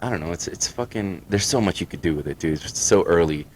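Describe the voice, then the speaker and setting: Podcast co-host, a man with a lowish voice, relaxed and profane, sounds high. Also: fast, a little hiss or hum, rough recording. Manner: laid-back, swears a lot, laughs often. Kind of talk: casual chat.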